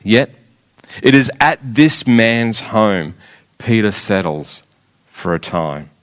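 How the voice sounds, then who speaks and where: Brief: man delivering a sermon, low-pitched and unhurried, measured with emphatic rhetorical pauses. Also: expressive. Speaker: preacher. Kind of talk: sermon storytelling.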